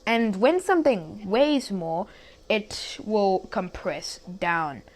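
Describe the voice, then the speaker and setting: A young woman with a mid-range voice and lively intonation tells a casual story slowly, over slight background noise. Her telling is loose and rambling, full of stumbles, restarts and asides.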